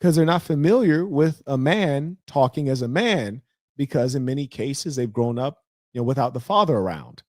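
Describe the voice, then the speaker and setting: A man's voice: mid-range voice, expressive, moderate pace, no room sound, studio quality. A man hosting a casual livestream, talking loosely with slang and mocking asides. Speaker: livestream host.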